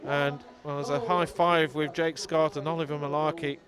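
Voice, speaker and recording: A man giving live football commentary outdoors, excitable, his voice leaping up when goals go in. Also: fairly high pitch, normal speed. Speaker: match commentator. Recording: crowd noise behind.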